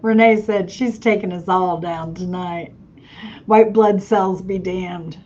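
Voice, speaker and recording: An easygoing woman hosting a casual livestream game night, chatting slowly in a lowish voice. She laughs often and keeps things relaxed. Her voice comes through muffled stream audio with a faint hiss.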